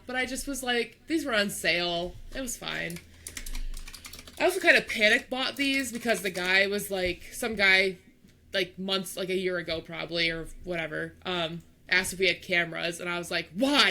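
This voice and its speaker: Young woman podcast co-host, bright tone, animated storyteller. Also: on the low side, vocal fry. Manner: animated storyteller, acts out voices, laughs. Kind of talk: casual storytelling chat.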